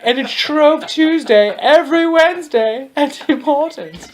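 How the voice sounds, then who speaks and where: A man's voice: very high voice, a little slow, voice pushed up. A man voicing a creepy, overly kind old woman who talks sweetly and suggestively.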